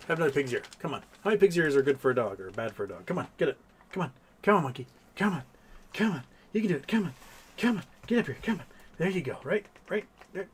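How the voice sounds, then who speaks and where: A man's voice: fairly high pitch, slight background noise. A man hosting a casual livestream, reading viewer comments aloud and chatting to his pets between them. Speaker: livestream host.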